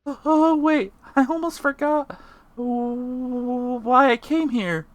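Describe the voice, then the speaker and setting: A man's voice: very high voice, takes it slowly, no room sound, faint music behind, pitched above the performer's own voice. A man voicing a small, timid young male hermit crab hero who stammers eagerly.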